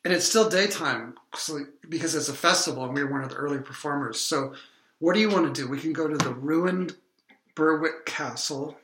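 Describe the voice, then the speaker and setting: A man co-hosting an improvised comedy podcast, rambling in a deadpan tone with hesitant ums. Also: on the high side, normal speed, roomy sound, noisy background.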